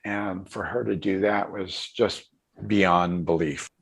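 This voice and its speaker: An older man, a guest in an interview, telling a personal story in a halting, emotional way with many restarts. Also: low voice, steady tone, vocal fry, slightly rough. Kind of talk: reflective storytelling.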